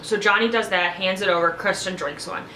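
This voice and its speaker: A woman recaps a reality show episode in a casual, gossipy way, jumping her voice up high whenever she acts out what people said. Her voice is bright and forward. The recording sounds roomy, with a faint hum behind her. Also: a little fast. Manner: chatty, acts out quotes with big shifts in voice.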